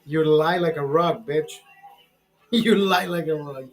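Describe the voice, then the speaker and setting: A man's voice: on the high side, measured pace, low-quality recording. A man in his forties hosting a casual chat, rambling bluntly and swearing freely. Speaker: show host. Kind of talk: casual chat over drinks.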